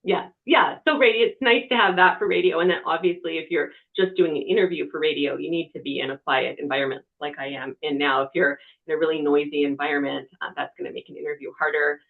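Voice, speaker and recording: Conversational TV reporter, mid-pitch, tinny webinar audio, quiet room. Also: fairly even intonation, fast, creaky, few pauses. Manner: conversational, talks with hands. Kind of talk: practical media-training talk.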